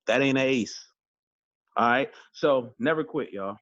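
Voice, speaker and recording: A man's voice: mid-range voice, unhurried, a bit bright, no echo. A man coaching a sales team in a motivational training talk, emphatic and preachy, repeating his key lines and calling his listeners y'all. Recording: dull, dry lo-fi audio.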